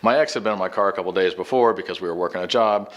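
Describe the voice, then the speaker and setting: A middle-aged man with a fairly low voice tells a personal story in a loose, conversational way. He rambles and briefly mimics the people he quotes. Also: very fast, fairly bright tone. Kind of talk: casual anecdote.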